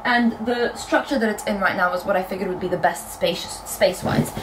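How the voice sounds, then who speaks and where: A young woman from Britain chatting casually in a book vlog from her bedroom, telling stories in a lively, animated way. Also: mid-range voice, distant mic, background noise. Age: young adult. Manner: chatty, quick and animated storytelling. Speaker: book vlogger. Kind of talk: casual chat.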